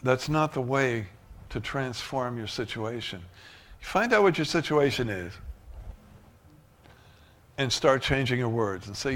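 A man preaching a sermon as pastor, emphatic, swinging from loud rises to soft asides. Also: mid-range voice, animated, normal speed.

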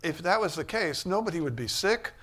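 A man delivers a sermon in a somewhat high voice. He drifts between soft, thoughtful stretches and sudden loud, emphatic peaks. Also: animated, a little fast. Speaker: preacher.

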